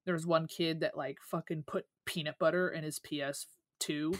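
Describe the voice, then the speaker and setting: Podcast co-host, young adult, mid pitch, dry close mic, lively and profane storyteller. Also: normal speed, no room sound. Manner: animated storyteller, swears a lot. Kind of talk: casual chat, storytelling.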